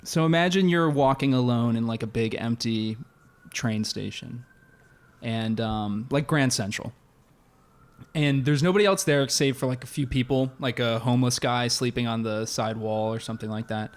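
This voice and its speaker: A man co-hosting a casual podcast, telling a story in an animated way and laughing often. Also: medium pitch, moderate pace, clean tone. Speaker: podcast co-host. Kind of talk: casual chat.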